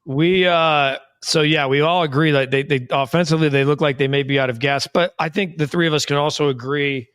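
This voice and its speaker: A podcast host leads a casual sports chat in a measured way. His voice sits slightly higher than most men's. The mic is close and dry. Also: steady tone, fairly bright tone, smooth, no room sound.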